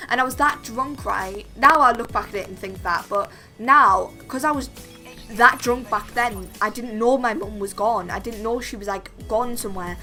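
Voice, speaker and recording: Chatty young woman, bright voice. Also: a little high, moderate pace, faint music behind. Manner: chatty, constantly says "like" and "literally". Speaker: vlogger. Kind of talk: storytime monologue.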